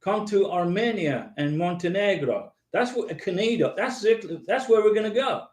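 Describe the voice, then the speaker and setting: A man rambles his way through a live stream, repeating himself and calling viewers by name as he answers their comments. His voice sits fairly high for a man, and the room around him rings with echo. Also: normal speed, darkish tone. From United States. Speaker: host of a live visa advice stream.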